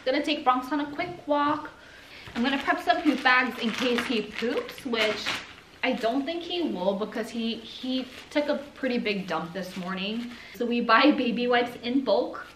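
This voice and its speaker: Woman home vlogger, unhurried slightly high voice, fond baby talk with her dog, light noise in the room. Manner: coos and baby-talks to her dog, laughs often. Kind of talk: casual home vlog talking to her dog.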